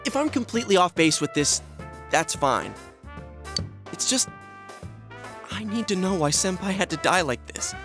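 A man's voice: sits high, sing-song, moderate pace, pauses often, over music. A man voicing an earnest, determined teenage schoolboy in a video game, talking urgently. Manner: urgent, earnest, talks things through. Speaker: voice actor.

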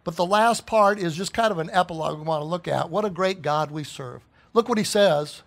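A pastor preaching a sermon with fervent emphasis, firing off rhetorical questions and quoting scripture. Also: male voice, high voice, fairly quick, creaky, a bit bright. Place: church sanctuary.

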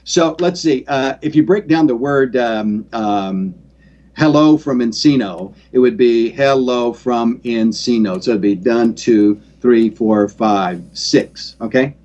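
A man from Texas, a guest ventriloquist, chatting in an interview over a video call and telling stories in a playful, animated way. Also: mid-range voice, slow pace. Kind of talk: casual interview chat. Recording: dull lo-fi call audio.

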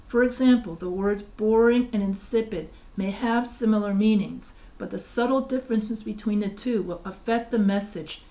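A woman's voice: mid-range voice, moderate pace, few pauses, warm tone. A woman teaching writing, explaining spelling rules patiently, often restarting and spelling words out letter by letter. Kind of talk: recorded lecture over slides.

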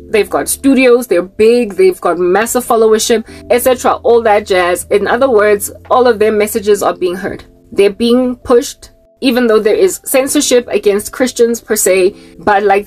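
A woman from Africa, delivering a fervent Christian vlog monologue full of rhetorical questions and rambling asides. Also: medium pitch. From South Africa. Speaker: Christian YouTuber.

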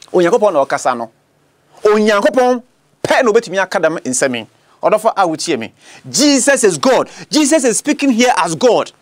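A man with a Ghanaian accent gives a bilingual teaching sermon, slow and deliberate, stressing points with rhetorical questions. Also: high voice. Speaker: preacher and apologist.

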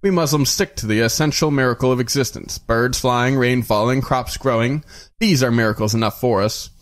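A man's voice: mid-range voice, moderate pace, lightly acted. A man voicing an earnest male imam who huffs back at rivals in an audiobook reading. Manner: earnest, huffing retorts. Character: earnest male imam, narrow-eyed and huffy.

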